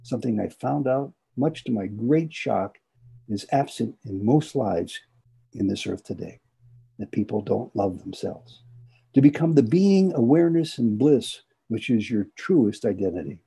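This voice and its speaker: A man's voice: on the low side, expressive, unhurried, gravelly, warm tone, breathy edge. A man from the United States giving a devotional talk, telling personal stories in an earnest way and repeating phrases for emphasis. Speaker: speaker at a spiritual gathering.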